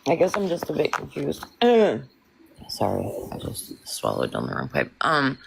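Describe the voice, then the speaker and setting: A woman's voice: extremely low pitch, huge pitch swings, normal speed, creaky, background noise. A woman joining a livestream as a guest, talking in a rambling, emphatic way and swearing often. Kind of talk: casual livestream chat.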